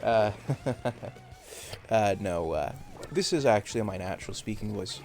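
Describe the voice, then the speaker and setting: A man's voice: on the low side, animated, takes it slowly, a little mellow, soft background music. A Canadian man chatting casually on a live game stream, rambling and hesitant with many fillers.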